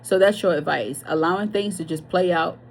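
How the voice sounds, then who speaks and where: A woman's voice: lowish voice, a little fast, a little hiss or hum. Blunt, chatty woman reading tarot. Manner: chatty, blunt, swears freely, laughs and digresses. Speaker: tarot reader. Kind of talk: casual tarot reading to camera.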